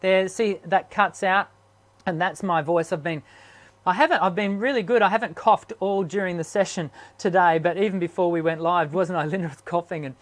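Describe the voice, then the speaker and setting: Hoarse sick man, halting. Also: sits high. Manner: halting, full of ums and restarts. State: sick, strained voice. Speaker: singing teacher and host. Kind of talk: live online hangout chat.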